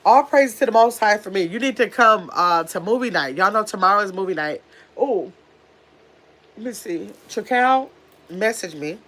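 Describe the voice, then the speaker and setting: A livestream host in pajamas talks casually with her viewers from home and reads out what they comment. She has a medium-pitched, slightly bright voice, animated but at a normal speed.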